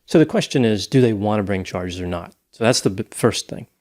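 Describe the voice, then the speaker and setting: A man with a fairly low voice weighs a legal case out loud on a podcast. He hedges often and pauses mid-thought before going on. His delivery stays conversational and loose. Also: animated. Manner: thinking aloud, hedging with "I think" and "you know". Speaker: podcast co-host. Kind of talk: casual discussion.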